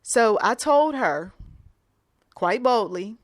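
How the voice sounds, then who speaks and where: A woman's voice: on the high side, animated, slow pace, dry recording. A middle-aged woman hosting a Christian advice show, talking casually and emphatically, with many asides.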